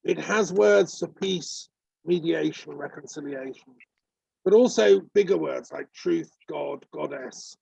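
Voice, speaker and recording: Gravelly man on a video call. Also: fairly high pitch, measured pace, mellow, no room sound. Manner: rambling, earnest, with many ums. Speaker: peace activist on a video call. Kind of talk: casual discussion. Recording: dull lo-fi call audio.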